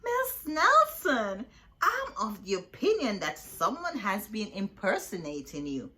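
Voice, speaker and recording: A woman's voice: mid-range voice, huge pitch swings, measured pace, sharp tone, full character voice. A woman voicing a fussy, formal male school principal in a read-aloud storybook. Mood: prim.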